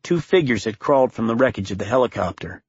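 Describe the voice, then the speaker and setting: A male narrator reading a thriller audiobook in a steady, measured way. His voice is husky and close, with a dry sound and no room echo. The recording is slightly dull. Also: medium pitch. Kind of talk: scripted narration.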